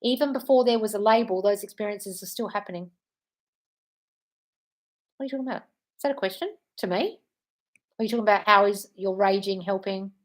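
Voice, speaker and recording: A woman manifestation coach answering viewer comments on a livestream, blunt and profane, breaking into loud scolding rants of tough love. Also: mid-range voice, a little fast, pauses often.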